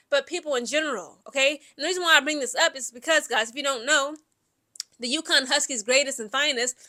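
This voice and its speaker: A young adult woman, giving casual, opinionated commentary in an animated way, full of filler words. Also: high voice. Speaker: commentary vlogger.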